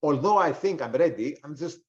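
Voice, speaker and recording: A man's voice: fairly high pitch, animated, brisk. Guy in his 40s rambling thru a trading webinar, lots of restarts, kinda dull lo-fi audio. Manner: rambling, frequent restarts and fillers. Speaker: webinar presenter, trader. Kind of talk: live webinar talk.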